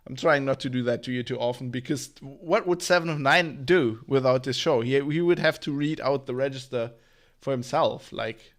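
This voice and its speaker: A man hosting a casual livestream tech news show, rambling with lots of fillers, laughing and swearing. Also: medium pitch.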